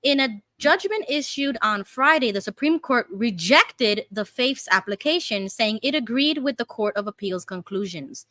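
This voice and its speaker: A woman's voice: fairly high pitch, animated, sharp tone, dry recording. A Canadian woman co-hosting a casual online news chat, reading a news article aloud carefully. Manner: reads carefully, admits she talks fast. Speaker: co-host.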